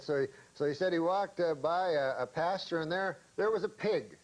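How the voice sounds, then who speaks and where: A man guesting on a talk show who tells a long shaggy-dog joke in a deadpan way, wandering through folksy asides. His voice sits fairly high, and faint background noise runs under the recording. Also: normal speed, low-quality recording.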